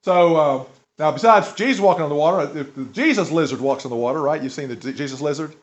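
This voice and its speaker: A man's voice: a little high, fast talker, muffled recording. A man preaching a conversational sermon to a congregation, in a folksy way, asking them questions as he goes. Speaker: pastor.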